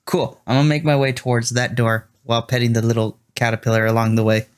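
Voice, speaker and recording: A man's voice: medium pitch, little pitch movement, quick pace, clean tone. Cheerful man player on a voice call. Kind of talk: casual tabletop chat.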